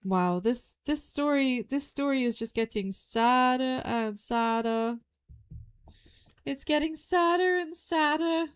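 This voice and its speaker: A young woman streaming a game, thinking aloud in an excitable way and repeating her own phrases as she puzzles things out. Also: sits high, takes it slowly, smooth. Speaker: VTuber streamer. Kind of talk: live game stream commentary.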